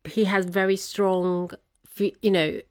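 A woman telling a personal story as an interview guest, laughing often and animated when quoting others. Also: medium pitch, slow, no room sound, clean studio sound.

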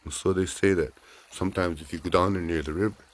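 A man telling a traditional story aloud in a gentle, folksy, unhurried way. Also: sits low, steady tone.

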